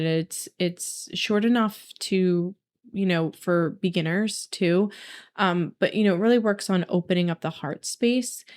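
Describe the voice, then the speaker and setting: A woman's voice: lowish voice, a little mellow, clean tone. A young adult woman telling a casual personal vlog about her meditation experiences, earnest and reflective, with frequent ums and likes. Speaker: vlogger sharing a meditation journey.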